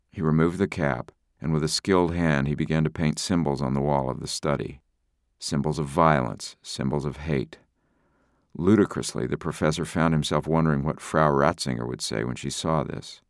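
A man narrating an audiobook thriller in a measured, steady storytelling manner. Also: extremely low pitch, gravelly, no echo, clean studio sound. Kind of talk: scripted narration.

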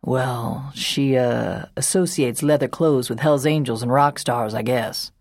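A woman's voice: a bass voice, measured pace, a little mellow, no room sound, clean studio sound, voice pushed down, heavily acted. A woman voicing a proper, nervous young man who speaks in a hesitant, cautious way.

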